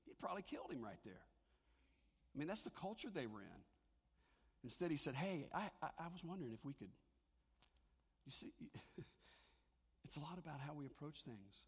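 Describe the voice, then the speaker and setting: A man's voice: fairly high pitch, long reverb tail. A man preaching a sermon to his congregation in a church, talking in a conversational way and joking with them. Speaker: pastor. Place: church sanctuary.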